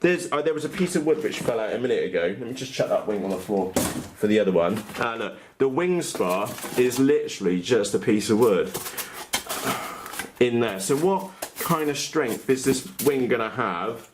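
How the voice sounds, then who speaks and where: A man's voice: medium pitch, expressive, normal speed, noisy background. Chatty man unboxing on a workbench. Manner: chatty, blunt, frequent uh fillers and self-corrections. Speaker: RC model hobbyist vlogger. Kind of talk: casual unboxing commentary.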